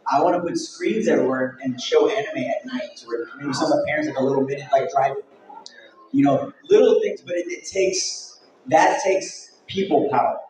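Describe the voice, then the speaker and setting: A convention organizer speaking at a panel, candid and jokey, with a rambling, casual delivery. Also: male voice, mid-range voice, normal speed, darkish tone, recorded from a distance, a little hiss or hum. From Mexico. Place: event hall. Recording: very echoey hall, from afar.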